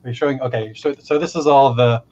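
A man gives a relaxed, playful walkthrough of a gadget demo. His audio comes through dull and lo-fi. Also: mid-range voice, fast talker. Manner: easygoing, playful wording. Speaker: maker demoing sensors. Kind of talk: casual demo chat.

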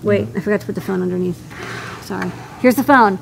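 A woman's voice: mid-range voice, quick pace, gravelly, a little hiss or hum, poor audio. A woman co-hosting a live engineering stream, chatting in a casual, playful and bubbly way. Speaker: co-host.

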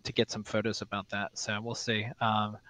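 A man's voice: on the low side, monotone, normal speed, fairly bright tone, no echo, poor audio. A man co-hosting an online meeting, chatting through community news in a rambling way. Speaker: co-host. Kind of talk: casual community news chat.

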